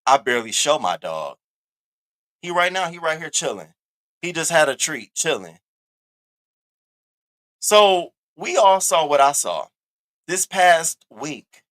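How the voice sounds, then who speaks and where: Loud, profane male commentary host. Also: a little high, slow, pauses often, dry recording. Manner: loud, profane, animated, talks straight to viewers. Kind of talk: casual commentary chat.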